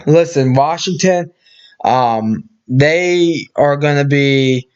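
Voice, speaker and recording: A man's voice: on the high side, slow pace, a little mellow, smooth, muffled recording. A man casually talking through his sports predictions, rambling with many fillers and restarts. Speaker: sports video host.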